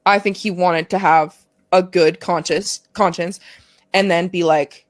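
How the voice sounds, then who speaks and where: A pro soccer player in her twenties, appearing as a podcast guest, candidly retells a personal story with emotion, swearing and saying "like" a lot. Her voice sits on the low side, steady and unhurried, with no room sound.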